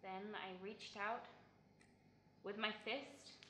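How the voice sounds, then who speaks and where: A woman's voice: medium pitch, fairly even intonation, slight background noise. An actress playing a frazzled woman venting, in a roomy echo. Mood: uneasy. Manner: halting, uneasy storytelling that swings between quiet and sudden outbursts. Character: frazzled, volatile woman venting to a support group. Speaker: self-help group member. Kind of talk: dramatic stage monologue. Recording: roomy echo, distant microphone.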